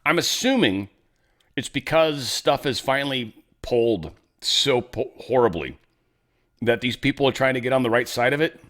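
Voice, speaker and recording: A man's voice: mid-range voice, animated, moderate pace, a bit bright. A man hosting a casual political commentary show, talking in a loose, sarcastic, rambling way. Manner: loose, sarcastic, rambling, drops into mock voices.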